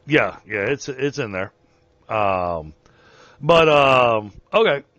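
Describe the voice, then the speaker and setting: A man narrating as game master of a tabletop game, halting and full of fillers, over a dull online call. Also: medium pitch, expressive, fairly bright tone, dry recording.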